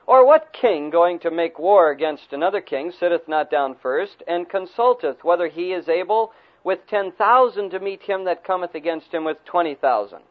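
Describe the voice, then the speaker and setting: Male preacher, folksy storytelling sermon, high voice, tinny phone-like audio. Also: moderate pace, few pauses. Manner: folksy, animated retelling.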